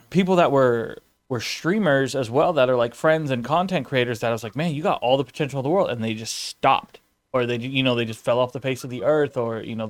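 A man's voice: medium pitch, no room sound. A young man, a streamer, chatting casually in a rambling way and laughing often. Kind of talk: casual podcast chat.

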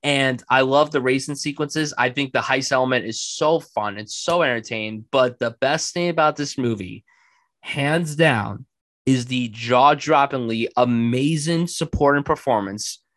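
A man chatting casually about a film he loves on a podcast, enthusiastic and animated. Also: medium pitch, unhurried, no room sound. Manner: enthusiastic, animated, acts out quotes. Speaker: film reviewer.

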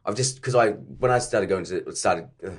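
A man's voice: fairly low pitch, normal speed, husky. A young man co-hosting a podcast, telling stories in a casual chat, swearing often and tripping over his words. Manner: animated storyteller, swears often, stumbles and restarts. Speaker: podcast co-host.

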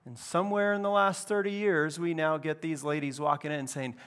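A man pastor preaching a lively, conversational sermon in a church. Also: fairly high pitch, fairly quick, clear, resonant tone. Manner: conversational, animated preaching with casual asides. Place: church building.

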